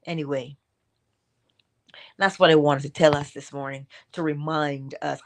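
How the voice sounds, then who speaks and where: Hosting a morning inspiration stream, an expressive woman delivers a motivational talk. She moves back and forth between high acted-out asides and soft, low remarks, repeating herself and exhorting the audience with drawn-out stress on words.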